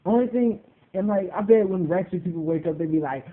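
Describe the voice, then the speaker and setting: A young man ranting casually to his camera, mocking and swearing, jumping high in pitch when he gets worked up. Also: a little fast. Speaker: vlogger. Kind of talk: casual profane rant. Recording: tinny phone-like sound.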